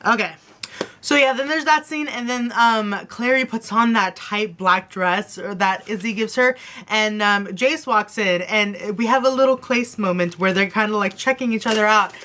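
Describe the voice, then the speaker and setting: Young woman, bright voice, fangirl review vlog, gushing and breathless, recorded to her camera. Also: mid-range voice, normal speed. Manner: gushing, breathless fangirl chatter full of fillers. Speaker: TV review vlogger. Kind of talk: excited casual TV episode review. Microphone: camera on her desk after her phone stopped recording.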